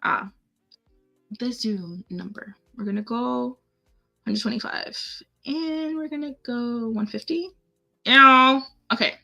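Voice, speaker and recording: A woman's voice: a little high, slow pace, vocal fry, sharp tone, faint music behind. A woman hosting a casual live craft tutorial, chatting to herself and her viewers as she works through the steps on screen. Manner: chatty, talks to herself and viewers while clicking. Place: home setup, live stream.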